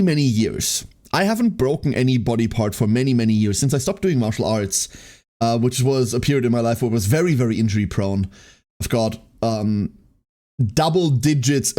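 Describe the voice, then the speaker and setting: A man's voice: medium pitch, mellow. A man streaming live, chatting casually with his chat, rambling and often breaking into laughter.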